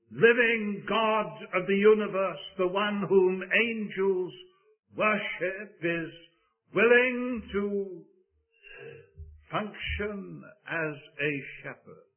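A man preaching a sermon slowly and deliberately, with sing-song rises and hushed drops on key words. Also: sits high. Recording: tinny phone-like old recording.

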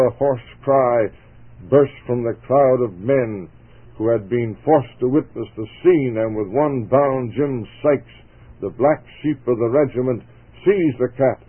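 A male radio preacher reads a moral story in an earnest, measured way. His voice sits at an ordinary mid pitch. The sound is narrow and tinny, like an old phone-line broadcast. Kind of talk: story reading with a sermon appeal.

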